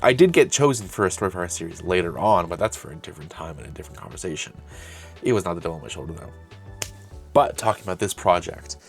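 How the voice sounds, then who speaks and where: Deep-voiced young man, rambling chat. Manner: rambling, self-correcting, animated storytelling. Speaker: host. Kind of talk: casual retrospective chat.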